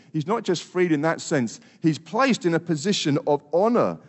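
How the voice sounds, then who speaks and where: A man preaching a sermon with earnest, repeated emphasis, sometimes dropping soft and quiet. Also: a little high, animated, normal speed, few pauses. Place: church hall. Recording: long hall reverb.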